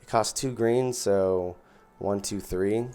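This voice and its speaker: A man's voice: on the low side, slow, mellow, clear, resonant tone, faint music behind. A man giving casual gameplay commentary as host, thinking aloud and counting out his mana as he plays. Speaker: gaming channel host.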